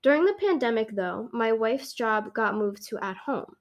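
A woman's voice: fairly high pitch, lively intonation, moderate pace. Giggly young woman podcast host. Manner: giggly, playful. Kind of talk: casual chat, reading posts aloud.

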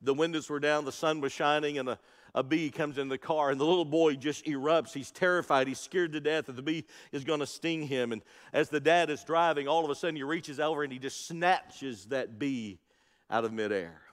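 A man's voice: on the high side, a little fast, in a large hall. A male pastor preaching an Easter sermon, with rising and falling emphasis and calls out to the congregation. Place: church sanctuary.

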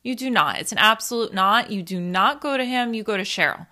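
A woman's voice: medium pitch, lively intonation, fairly quick, pushed and bright. A woman in her thirties telling a candid, funny family story in a casual monologue, swearing and laughing at herself. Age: 30s.

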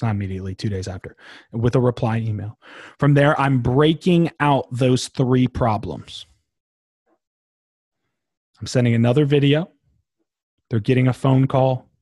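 A young man hosting his own podcast, talking casually and emphatically with a slangy, animated delivery. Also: mid-range voice, husky, no echo, clean studio sound. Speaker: podcast host. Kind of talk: casual solo podcast talk.

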